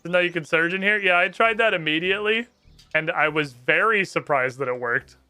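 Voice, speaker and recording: Man, gaming streamer, casual commentary, profane, slightly high bright voice. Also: a little fast, clear, resonant tone, faint music behind. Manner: swears often, reads game dialogue aloud.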